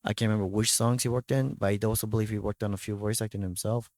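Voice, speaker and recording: Low-voiced laid-back man chatting. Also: steady tone, racing, a little mellow, no room sound, studio quality. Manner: laid-back, agreeable, hesitant restarts. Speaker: podcast co-host. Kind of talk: casual podcast chat.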